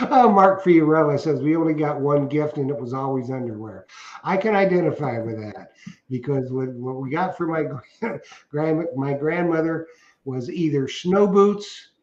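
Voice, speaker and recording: Co-hosting a casual livestream, a middle-aged man with a fairly high, darkish voice speaks a little slowly. He reads viewer comments aloud and rambles through joking stories, chuckling at his own punchlines, over roomy, somewhat dull lo-fi audio.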